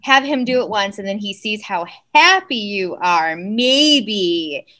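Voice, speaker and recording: A woman's voice: mid-range voice, expressive, slow pace, bright, forceful tone. A woman co-hosting a podcast, chatting in an encouraging, casual way. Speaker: podcast co-host. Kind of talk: casual chat.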